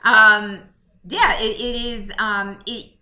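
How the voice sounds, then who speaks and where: A woman's voice: fairly high pitch, little pitch movement, slow, pushed and bright. A woman co-hosting a podcast, talking in a candid, self-mocking way with many fillers and restarts. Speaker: podcast co-host. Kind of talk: candid casual chat. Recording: roomy echo.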